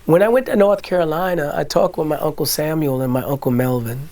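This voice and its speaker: A man's voice: on the high side, a little fast. A middle-aged man, a guest in a candid interview, telling his life story and acting out the voices of family members. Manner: animated, acts out family voices and quotes.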